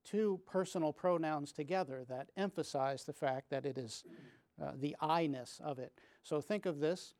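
A man's voice: a little high, a little mellow. Reflective man teaching from the Bible. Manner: measured, reflective, reads scripture aloud with restarts.

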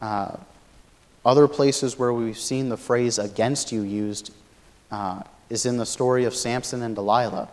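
A man giving a Bible study lecture, explaining a passage thoughtfully and pausing often to search for words. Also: mid-range voice, steady tone, darkish tone. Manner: thoughtful, many fillers and restarts, explanatory. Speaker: Bible teacher.

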